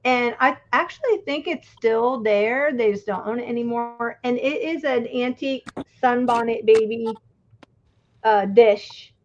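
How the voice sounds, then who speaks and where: A woman's voice: on the high side, measured pace. A woman co-hosting a casual craft livestream, talking in a rambling, storytelling way. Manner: chatty, rambling storyteller with laughs. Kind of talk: casual chat. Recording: dull lo-fi livestream audio.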